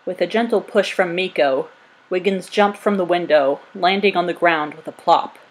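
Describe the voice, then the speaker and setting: Storybook reader, woman, husky, lower-pitched voice, even narration. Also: moderate pace, low-quality recording. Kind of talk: storybook read-aloud.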